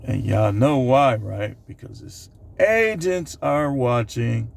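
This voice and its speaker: A man with a gravelly, fry-edged voice at an ordinary pitch talks straight into his own camera. He rambles casually through a countdown list, padding it with fillers and side remarks. It sounds like a home vlog monologue. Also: expressive, slow pace. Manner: loose, rambling delivery with many fillers. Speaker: channel host. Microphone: camera recording himself.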